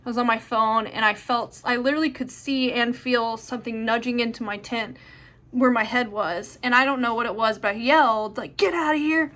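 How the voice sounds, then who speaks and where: A woman's voice: fairly high pitch, fairly even intonation, fairly quick, fairly bright tone. A young woman answering viewer questions in a chatty, rambling way with lots of fillers. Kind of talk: casual chat.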